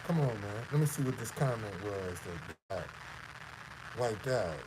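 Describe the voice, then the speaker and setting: A man's voice: lowish voice, expressive, measured pace, background noise. A man from the Southern United States with a Southern accent, hosting casual commentary on a clip; he talks emphatically, repeats phrases and throws out rhetorical questions. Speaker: host.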